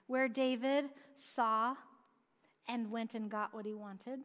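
High-voiced woman preaching in a reverberant hall. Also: steady tone, slow, fairly bright tone. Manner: conversational, asks rhetorical questions, light asides. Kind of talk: sermon.

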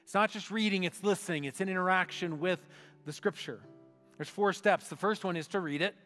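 Pastor with a slightly high voice, echoing church hall. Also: male voice. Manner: slow meditative reading that drops to a hushed voice. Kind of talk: sermon. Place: church sanctuary. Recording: long hall reverb with faint music.

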